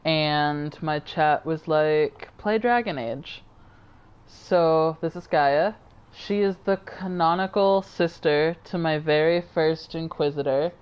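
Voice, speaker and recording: A woman's voice: low-pitched, slow pace, clean tone, highs cut off. A tired woman streamer chatting casually and rambling to her viewers while she plays a game. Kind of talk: casual live-stream chat.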